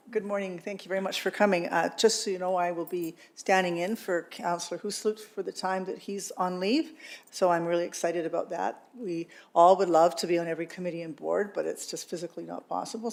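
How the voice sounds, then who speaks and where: A woman's voice: fairly low pitch, creaky. A county councillor, a woman, speaking in a council meeting in a chatty, enthusiastic way with frequent fillers.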